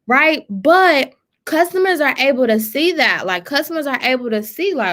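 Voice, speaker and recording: A woman's voice: high voice, sing-song, normal speed, a bit bright. A woman coaching on business marketing in a casual, emphatic way, often repeating words as she gets worked up. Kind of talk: casual business advice talk.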